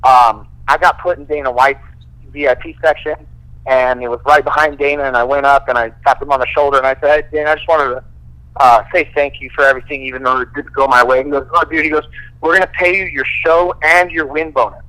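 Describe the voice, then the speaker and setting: A man, a fighter guest, casually telling profane, animated stories full of quoted dialogue. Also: mid-range voice, quick pace, poor audio. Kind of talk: casual storytelling.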